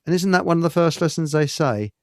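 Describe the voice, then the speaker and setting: A man's voice: a little high, expressive, quick pace, darkish tone, no room sound, studio quality. A middle-aged man hosting a casual talk show, telling rambling stories full of restarts. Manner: rambling anecdotes with frequent restarts. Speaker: host.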